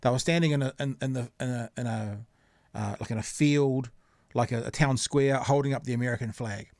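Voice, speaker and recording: A man's voice: medium pitch, a little fast, darkish tone, no echo, clean studio sound. A man hosting a podcast in casual chat, earnest and reasoning things through with fillers and repeats. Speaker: podcast host.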